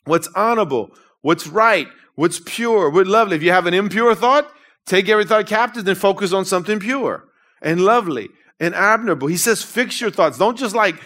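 A middle-aged man preaching in a church, animated and conversational with casual slang. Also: high-pitched. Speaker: pastor. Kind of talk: sermon. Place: church sanctuary.

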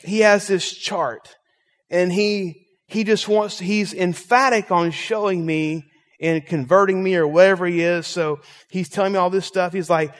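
A man's voice: sits high, big-room sound. A man preaching a sermon as pastor, telling stories and making emphatic points to his congregation. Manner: storytelling, emphatic, animated preaching.

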